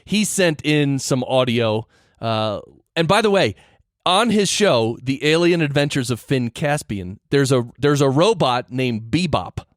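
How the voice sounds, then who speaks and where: A man hosting his podcast in a casual chat, easygoing and quick to laugh, with loose, filler-heavy phrasing. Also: mid-range voice, animated, no room sound, studio quality. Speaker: podcast host.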